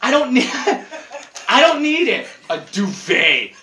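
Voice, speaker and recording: A man hosting a casual podcast from his couch, ranting in a profane, animated way. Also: extremely high pitch, measured pace, a little hiss or hum. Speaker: podcast host. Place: living room at home, on a couch. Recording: echoey room.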